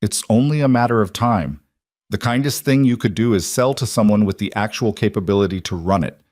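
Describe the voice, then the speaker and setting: A man's voice: fairly low pitch, fairly quick, a little mellow, dry recording, studio quality, close to an everyday voice. A man voicing a haughty older society woman who sneers with false sympathy. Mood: scornful.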